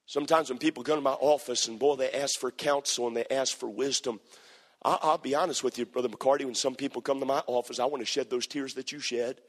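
Impassioned preacher in a reverberant hall. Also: male voice, mid-range voice, steady tone, fast. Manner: impassioned, repetitive, rising to shouted climaxes. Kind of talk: sermon storytelling.

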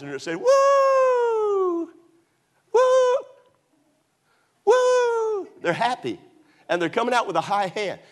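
Animated preacher man with whooping highs. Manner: animated storytelling with sudden high whoops. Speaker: pastor. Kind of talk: sermon. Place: church auditorium.

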